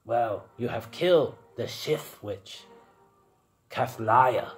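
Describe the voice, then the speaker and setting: A man voicing a gruff, stern male Ewok war chief with a raspy voice and clipped, broken speech. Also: mid-range voice, lively intonation, takes it slowly, soft background music. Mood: wary.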